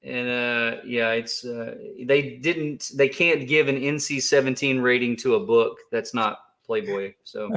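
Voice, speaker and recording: A man in a casual live stream chat, joking around and circling back on his thoughts with frequent restarts. His voice sits at an ordinary middle pitch for a man. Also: unhurried, hardly any pauses, a bit bright. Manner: joking, rambling with many restarts. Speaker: co-host of a crypto livestream.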